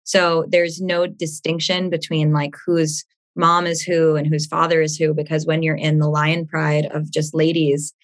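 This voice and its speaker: A woman's voice: low-pitched, level tone, a little slow. A young woman hosting an astrology podcast, gushing and rambling in casual chat, laughing often.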